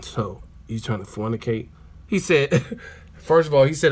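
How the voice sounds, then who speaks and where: A man's voice: mid-range voice, animated, measured pace, breathy edge. A man hosting a live stream, reacting to clips with profanity and laughter. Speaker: boxing channel host. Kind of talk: casual live-stream commentary.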